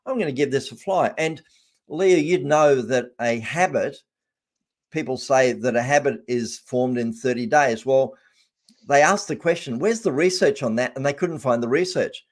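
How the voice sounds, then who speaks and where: A man's voice: mid-range voice, normal speed. Man, coaching guest, chatty, storytelling, repeats himself, video call. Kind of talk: casual online interview.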